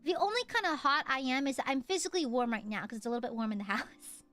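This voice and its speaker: A woman's voice: sits high, fast talker, a bit bright, faint music behind. A young woman streaming casually as a VTuber, playful and jokey, often breaking into laughs and squeals. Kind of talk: casual livestream chat.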